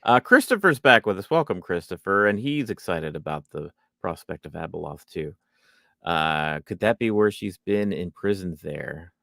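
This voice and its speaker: A man's voice: low-pitched, animated, moderate pace, gravelly, sharp tone, dry recording, clean studio sound. A man hosting a podcast, chatting emphatically and addressing listeners. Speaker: podcast host. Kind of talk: casual fan discussion.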